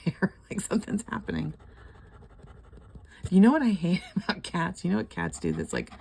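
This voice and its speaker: A woman's voice: deep voice, gravelly, a little hiss or hum. An older woman chatting casually and rambling at home while scratching lottery tickets, laughing often.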